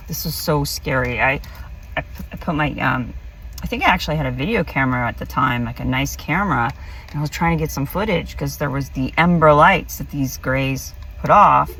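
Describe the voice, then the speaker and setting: A woman's voice: extremely low pitch, moderate pace, a bit bright, far from the mic, slight background noise, low-quality recording. A woman vlogger casually telling a personal story, rambling with many fillers and restarts. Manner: rambling, filler-heavy, self-interrupting.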